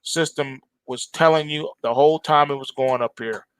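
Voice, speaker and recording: A man's voice: mid-range voice, steady tone, normal speed, a bit bright, smooth, no room sound. A middle-aged man hosting a trading show, giving emphatic, repetitive chart commentary straight to his viewers. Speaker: trading analyst host.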